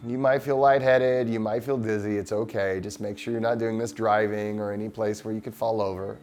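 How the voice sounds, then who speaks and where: A man hosting a show, leading a guided breathing exercise in a slow, soothing, encouraging way. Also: lowish voice, steady tone, a little mellow, soft background music. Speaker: breathwork host.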